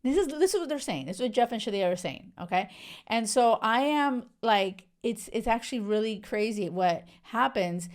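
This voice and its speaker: A woman's voice: on the high side, animated, moderate pace. Outraged young woman podcast host. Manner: outraged, emphatic, many "like" and "you know" fillers. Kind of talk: casual solo podcast commentary.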